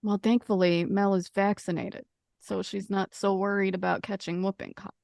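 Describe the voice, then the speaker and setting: A woman playing a tabletop game who talks in an earnest, quick way and stumbles over her words. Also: medium pitch, little pitch movement, gravelly, a little mellow, dry recording, clean studio sound. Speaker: player. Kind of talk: casual tabletop play.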